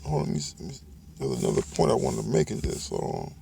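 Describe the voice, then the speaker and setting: A man's voice: mid-range voice, wildly swooping pitch, creaky, mellow, a little hiss or hum. Casual man teaching from the Bible. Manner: loose and conversational, ends phrases with "man" and "all right"; reads scripture aloud in slowed, measured cadence.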